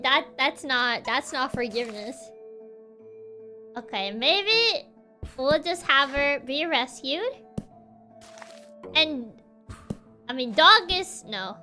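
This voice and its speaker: A woman's voice: high-pitched, bright, forceful tone. A woman streamer giving casual, giggly game commentary, playful and laughing often.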